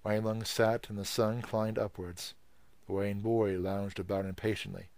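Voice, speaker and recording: A man reading a novel aloud as an audiobook, steady and measured. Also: lowish voice, no room sound. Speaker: audiobook reader. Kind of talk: novel narration.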